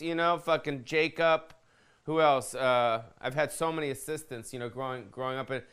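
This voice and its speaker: A man's voice: a little high, pushed and bright, clean tone. A man in his fifties hosting a podcast, talking in a loose, profane, jokey rant and tossing questions to his producer. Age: 50s. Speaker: podcast host. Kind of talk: casual rambling rant.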